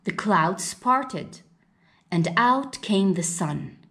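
A woman reading a children's picture book aloud in a slow, gentle read-aloud manner. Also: mid-range voice, expressive. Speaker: storybook reader.

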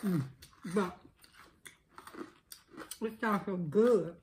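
A woman's voice: mid-range voice, very slow, a little mellow, slight background noise. A woman teasing and giggling through a casual eating challenge. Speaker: co-host, the vlogger's aunt. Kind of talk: casual food challenge chat.

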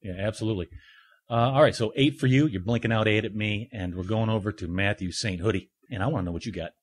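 Husky low-voiced guy hosting a film podcast, loose and jokey. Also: quick pace. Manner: chatty, jokey, leads the discussion. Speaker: podcast host. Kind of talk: casual film review chat.

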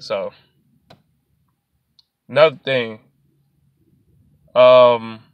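A man delivering an angry, profane sports rant in a vlog, sliding between low muttering and sudden shouts. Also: dry recording. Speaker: sports vlogger.

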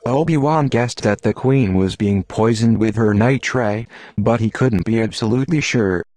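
A man reading an audiobook in a steady, measured narration. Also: lowish voice, no echo.

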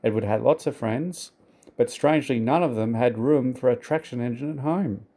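A man narrating a children's storybook aloud in a steady, clear way. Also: medium pitch, moderate pace.

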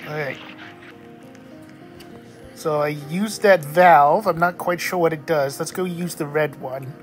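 A woman's voice: low-pitched, measured pace, soft background music. A woman hosting a gaming channel, giving casual, jokey gameplay commentary with lots of exclamations.

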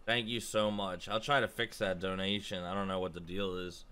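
A man's voice: deep voice, little pitch movement, normal speed, bright, forceful tone, clean tone. A young man on a live stream, easygoing and grateful, talking in casual slang. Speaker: streamer receiving gifts.

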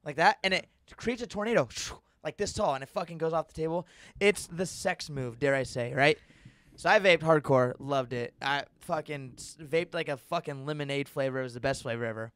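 Lively young man, higher voice. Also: brisk. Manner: animated, swears freely, tells hyped-up stories. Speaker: podcast co-host. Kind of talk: casual podcast banter.

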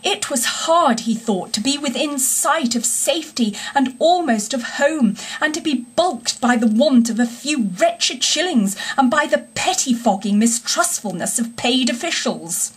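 A woman narrating a classic children's story in a fairly high, husky voice. She reads in an expressive, unhurried way. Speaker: audiobook reader.

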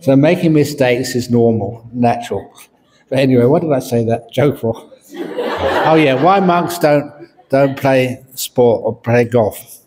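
Speaking at an unhurried pace in a mellow, medium-pitched voice, a monk delivers a morning dharma talk at a meditation centre. He's a humorous storyteller who laughs frequently at his own jokes.

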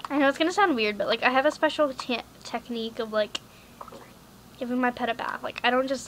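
Young girl rambling thru a pet game vlog, bright kinda high voice, says like a lot, faint hiss. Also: fairly quick, rough recording. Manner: chatty, rambling, many "like" fillers; drifts between soft murmurs and loud bursts. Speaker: vlogger. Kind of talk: casual game narration.

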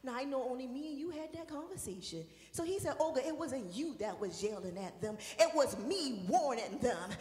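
A woman minister preaching a sermon, shouting and singing out praise at times and dropping to a soft, talking tone at others. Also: high-pitched, animated, brisk, few pauses, roomy sound, long reverb tail. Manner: shouts and sings out praise, then drops to a soft conversational tone.

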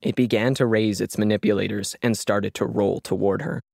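A man narrates scripted fiction in a measured, steady way. His voice is on the lower side and sounds dry and close, with no room echo. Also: creaky.

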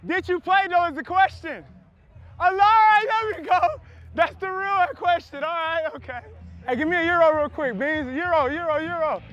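A young man, a pro football wide receiver, joking and trash talking loudly at practice on a wireless body mic outdoors. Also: very high-pitched, normal speed, lo-fi sound. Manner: loud, joking, teasing trash talk. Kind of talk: mic'd up banter at practice.

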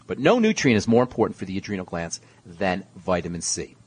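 A man hosts a call-in health radio show with a fairly low voice. He lectures emphatically and sometimes rants while giving advice to callers. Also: very animated, a little fast, darkish tone, husky, no echo. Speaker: radio host and pharmacist.

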